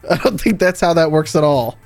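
A man's voice: on the high side, normal speed, vocal fry, a little mellow, no echo. A man narrating a tabletop game as game master, amused and often laughing. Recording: dry close sound with faint music.

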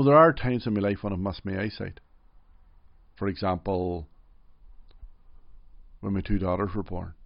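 Deep gravelly Derry man, reflective. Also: no echo, muffled recording. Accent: Derry, Northern Irish. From Northern Ireland. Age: middle-aged. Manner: gentle, reflective, frequent "you know". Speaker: interview guest. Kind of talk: personal storytelling in an interview.

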